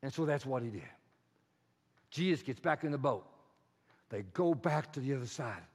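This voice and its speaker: A male pastor preaching a sermon in a church, telling a story with animated, rising emphasis. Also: medium pitch, moderate pace, breathy edge. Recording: long hall reverb.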